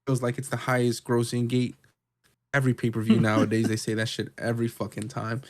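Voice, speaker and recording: A man co-hosting a podcast, recapping wrestling in casual, profane, excitable chat. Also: medium pitch, fairly quick. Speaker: podcast co-host.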